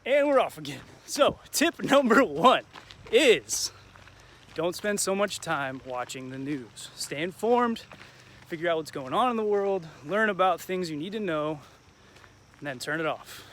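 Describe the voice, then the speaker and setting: A man's voice: sits high, lively intonation, measured pace, a bit bright. A young man hosting a casual motivational vlog outdoors while walking through a neighborhood, upbeat and encouraging, tossing in Spanish phrases. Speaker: vlog host.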